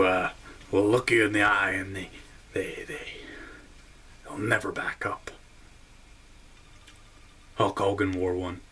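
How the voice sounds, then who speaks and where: A man giving a rambling, deadpan comic monologue with lots of hesitations. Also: low-pitched, slightly rough. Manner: deadpan, rambling, many fillers. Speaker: comedy vlogger.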